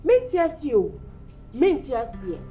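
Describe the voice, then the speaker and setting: Actress playing a hurt Ghanaian woman, higher voice, accusing her man, faint music behind. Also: very animated, slow pace, warm tone, exaggerated voice. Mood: pleading. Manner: emotional, pleading and accusing. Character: upset young woman accusing her lover. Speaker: woman confronting her partner. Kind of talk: amateur drama acting.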